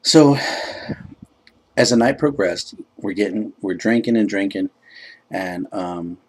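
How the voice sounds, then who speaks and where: A man's voice: fairly low pitch, animated, slow pace. A laid-back man casually telling a rambling personal story, filled with "you know" and self-described joking.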